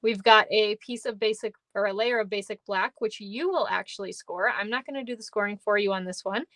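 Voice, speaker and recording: A woman's voice: mid-range voice, a little fast, fairly bright tone, dry recording. A woman with a Minnesotan accent hosting a live card-making class, chatty and upbeat, often laughing and greeting viewers by name. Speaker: stamping class host.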